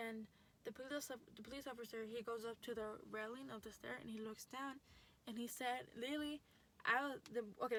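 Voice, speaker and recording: Chatty young woman vlogger, higher voice. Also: fairly bright tone, slight background noise. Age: young adult. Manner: chatty, lots of likes and restarts. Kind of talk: casual storytelling vlog.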